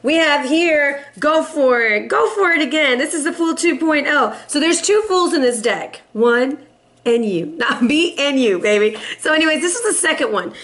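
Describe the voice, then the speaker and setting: A woman's voice: high voice, animated, moderate pace, a bit bright. A woman doing a casual tarot reading in a sassy, playful way, laughing often and teasing her viewers. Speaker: tarot reader.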